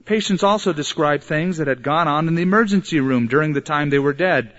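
A man preaching an earnest sermon, slowing down hard for emphasis. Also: on the high side, fairly bright tone. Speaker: pastor. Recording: dull lo-fi sermon recording.

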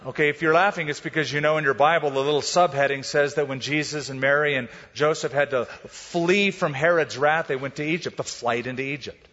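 A man, preaching a sermon as a pastor and telling it with lively storytelling. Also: on the high side, a little fast, few pauses. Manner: animated storytelling, acts out quotes. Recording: dull, echoey hall recording.

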